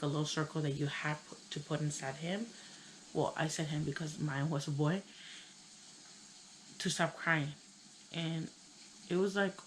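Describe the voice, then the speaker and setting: A young woman with a Chicano English accent, telling a personal story in a casual, halting way, full of "like" and "you know". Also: sits low, slight background noise, low-quality recording. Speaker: vlogger.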